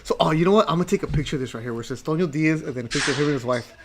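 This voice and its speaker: A man's voice: fairly high pitch, very fast, crowd noise. A man hosting a podcast in casual chat, teasing his guest and repeating his commands. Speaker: podcast host.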